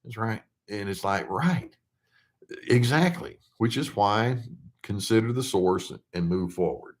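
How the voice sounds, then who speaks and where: An older man with a lowish voice talks through viewer questions as a therapist. His delivery is conversational and easygoing, full of ums, uhs and restarted phrases, and he slows right down when he reads a question aloud. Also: lively intonation. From United States. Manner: conversational, with frequent fillers and restarts. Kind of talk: casual explanatory talk.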